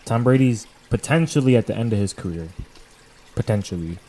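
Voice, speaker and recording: A man's voice: lowish voice, lively intonation, fairly quick, mellow. A man chatting casually as a podcast co-host, easygoing, with short replies and hedged takes. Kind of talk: casual chat.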